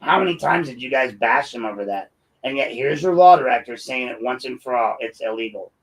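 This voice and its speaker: A man's voice: medium pitch, animated, a little fast, poor audio. A man hosting political commentary, combative and sarcastic, talking straight at his critics. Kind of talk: opinionated commentary.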